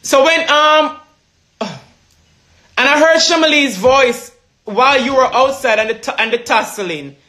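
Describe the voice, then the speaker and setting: High, bright woman host. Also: lively intonation, slow, pauses often. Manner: gentle, probing questions. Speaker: live show host. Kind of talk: interviewing on a live stream.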